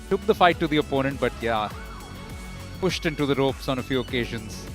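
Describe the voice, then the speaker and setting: Man giving measured boxing commentary. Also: a little high, faint music behind. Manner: measured, analytical play-by-play with occasional fillers. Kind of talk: live sports commentary.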